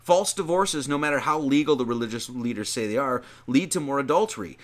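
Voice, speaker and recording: A man's voice: medium pitch, animated, a little fast. A man giving an informal sermon, reading scripture aloud and explaining it in a conversational, rambling way, stretching out phrases for emphasis. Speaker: preacher.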